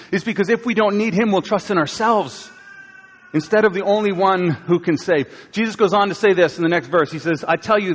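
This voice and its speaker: A man preaching a sermon as pastor, conversational, swinging from loud acted quotes to hushed lines. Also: fairly high pitch. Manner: conversational, dramatic shifts between loud and hushed. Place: church auditorium. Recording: long reverb of a church hall.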